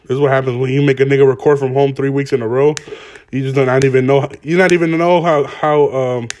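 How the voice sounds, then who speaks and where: A man's voice: mid-range voice, steady tone, brisk, a little mellow. A young man hosting a casual solo podcast from home, rambling in profane slang while stoned and smoking. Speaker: podcast host. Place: home, garage.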